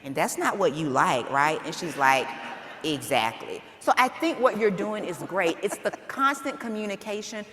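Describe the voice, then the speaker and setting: A woman's voice: fairly low pitch, lively intonation, moderate pace, a bit bright. Candid mother speaking in a hall. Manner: earnest, candid, acts out family dialogue. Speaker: panel speaker. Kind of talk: conference panel talk. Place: conference hall. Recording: echoey hall, faint noise.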